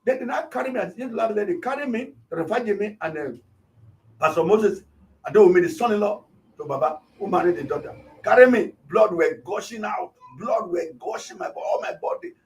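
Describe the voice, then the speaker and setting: A man, a pastor, retelling a shooting and acting out the shouts of the people around him. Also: high-pitched, far from the mic. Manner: animated, acts out shouts of others. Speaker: pastor, interview guest.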